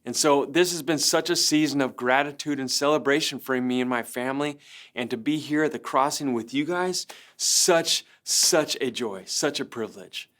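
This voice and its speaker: A middle-aged man, a pastor, telling an earnest personal story with lively swings from excited highs to soft, low moments. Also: moderate pace. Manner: earnest storytelling, voice rising when excited and dropping low for quiet lines. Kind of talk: personal testimony talk.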